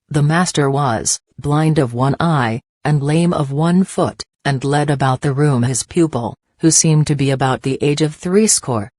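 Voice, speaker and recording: Measured male audiobook narrator, dry sound. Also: a little high, a little mellow, no room sound. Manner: measured, deliberate reading. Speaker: audiobook reader.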